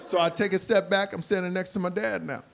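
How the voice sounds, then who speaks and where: A man in his forties doing stand-up on stage in front of a live crowd, with a bright, fairly high voice. He tells stories animatedly and breaks into loud, shouted impressions. Faint room noise sits behind him. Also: fairly even intonation, brisk, vocal fry. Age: 40s. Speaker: stand-up comedian. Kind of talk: stand-up comedy. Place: comedy stage before a live audience.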